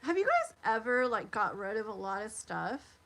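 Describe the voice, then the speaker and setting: A woman's voice: on the high side, sing-song, normal speed, a bit bright, low-quality recording. A middle-aged woman, chatting casually and rambling with lots of fillers as she does a live tarot stream.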